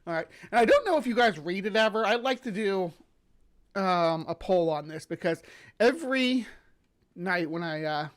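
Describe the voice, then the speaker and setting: A woman hosting a live stream in a bubbly, rambling, chatty way, her voice slightly hoarse from sinus drainage. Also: medium pitch, animated, moderate pace. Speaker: livestream host. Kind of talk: casual live-stream chat. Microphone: webcam setup.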